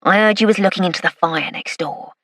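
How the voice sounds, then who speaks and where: In an audiobook, a woman voices a sly, leering male informant from London's East End, producing a high, fast, bright voice with a forceful tone. He's cocky and wheedling, with a cackling laugh, and the studio-quality recording has no room sound.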